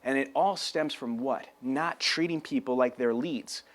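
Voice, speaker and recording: A man giving an energetic sales training talk on camera, telling stories and acting out phone calls. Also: mid-range voice, measured pace. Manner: animated storyteller, acts out phone calls.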